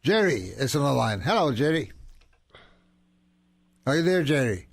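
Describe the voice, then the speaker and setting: A man hosting a car call-in radio show, talking in a halting way with lots of fillers. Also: medium pitch, very animated, creaky, slightly rough.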